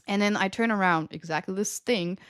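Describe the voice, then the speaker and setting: A woman's voice: mid-range voice, brisk, fairly bright tone, smooth, dry recording, clean studio sound. A young woman live streamer casually telling a story to her chat, laughing often and swearing freely.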